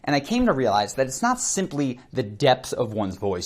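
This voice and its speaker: A man teaching about voice and presence in an animated, conversational way, calling himself a fast speaker. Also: medium pitch. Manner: animated and conversational, demonstrating voice techniques; self-described fast speaker. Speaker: charisma coach. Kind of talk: instructional talk to camera.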